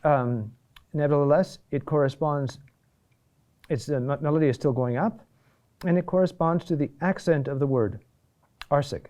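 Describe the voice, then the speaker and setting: A man teaching a lesson on chant rhythm, pausing often with fillers and restarts and checking in with a quick "huh?". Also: fairly high pitch, dark tone. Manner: halting, many fillers and restarts, asks "huh?".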